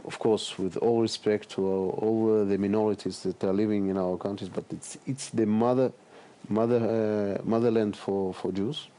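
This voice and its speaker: A middle-aged man answers interview questions in a low, mellow voice. He speaks haltingly, filling pauses with "uh" and repeating words as he searches for them. He sounds like a politician guest. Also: fairly even intonation.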